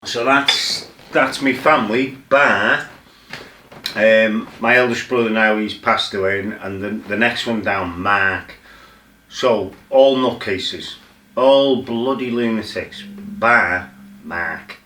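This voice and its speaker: A middle-aged man tells his life story as a former fighter, bluntly and with lots of swearing, acting out his own shouts. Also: fairly low pitch, slow, slight background noise. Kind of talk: casual storytelling interview. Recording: roomy, mic set some distance off.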